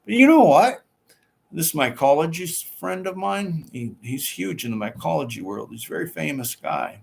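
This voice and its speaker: This man's voice is a little high, gravelly and husky, expressive, and moves at a moderate pace. He runs a casual livestream, chatting as he reads out comments from viewers and responds to each.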